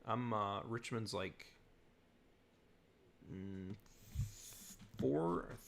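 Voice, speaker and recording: A man's voice: on the low side, lively intonation, drawn-out words, creaky, fairly bright tone. A young man from southern Virginia, hosting a loose live-stream chat, rambling with lots of fillers as he reads and answers comments. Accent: General American with slight Southern Virginia tinge.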